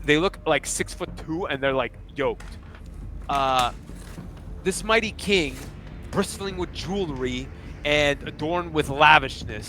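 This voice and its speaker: A man's voice: on the high side, pushed and bright, slight background noise. A man narrating as game master in a tabletop fantasy game, speaking casually and loosely with fillers like "kinda" and "like.".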